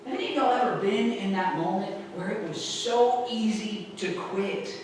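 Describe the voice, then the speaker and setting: A woman's voice: medium pitch, normal speed, a little mellow, slight background noise. A woman pastor preaching a sermon in a conversational way, often checking in with the congregation. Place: large church sanctuary. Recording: echoey sanctuary heard from a distance.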